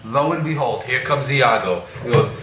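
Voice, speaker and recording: A man's voice: mid-range voice, animated, moderate pace, background noise, natural voice. A man playing Othello as a casual, rambling modern guy in a parody skit, telling his story with slang. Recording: echoey room, mic at a distance.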